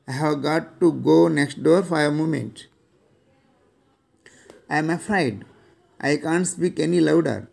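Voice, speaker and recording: A middle-aged man with an Indian English accent, reading out classroom phrases one by one, slowly and deliberately, often repeating them. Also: fairly high pitch, creaky. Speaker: English teacher.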